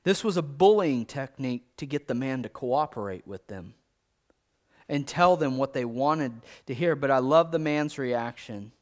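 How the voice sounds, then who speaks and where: A man preaching a sermon, acting out scripture with big swings between loud, quick lines and low, slow King James readings. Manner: animated, dramatizes scripture quotes with big swings in pitch and loudness.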